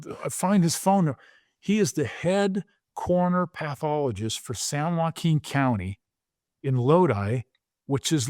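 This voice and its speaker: A man in his sixties, a former pro football player, telling stories as a podcast guest in an animated way, often repeating words and acting out quotes. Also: a little high, dry recording, clean studio sound. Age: 60s. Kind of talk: conversational storytelling.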